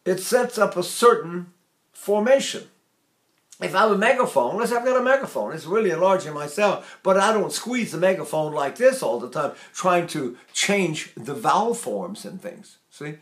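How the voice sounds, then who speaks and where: A man's voice: high voice, expressive, moderate pace, a bit bright, reverberant. An older man teaching a vocal lesson, talking in a rambling way and breaking off to sing and mimic examples. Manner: rambling, demonstrates by singing and mimicking.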